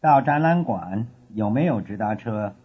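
Male actor as a young student asking directions, slightly husky, slow careful drill lines, lo-fi tape. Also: lowish voice, animated. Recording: dull lo-fi course tape.

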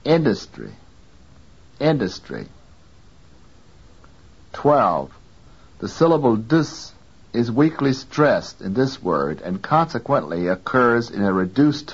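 A man reading a scripted language lesson in a slow, measured way, counting off numbered frames. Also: medium pitch, husky. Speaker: language course instructor. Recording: dull lo-fi old tape recording.

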